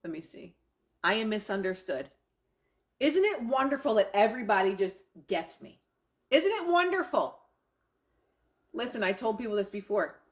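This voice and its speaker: A woman's voice: medium pitch, lively intonation, moderate pace. Enthusiastic woman coaching affirmations. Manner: enthusiastic, swears casually, repeats affirmations. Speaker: self-help coach. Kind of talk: live coaching talk.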